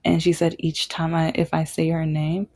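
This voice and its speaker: A woman's voice: low-pitched, completely flat delivery, moderate pace, a little mellow. A young adult woman vlogging, candidly and emphatically telling a personal story. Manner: candid, emphatic, acts out quoted dialogue.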